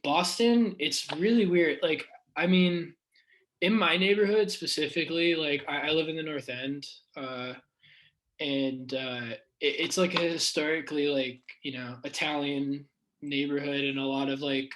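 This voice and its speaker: A man's voice: a little high, unhurried, fairly bright tone, a little hiss or hum, low-quality recording. A young man from the United States, chatting as a podcast guest, full of fillers like "like" and swearing casually.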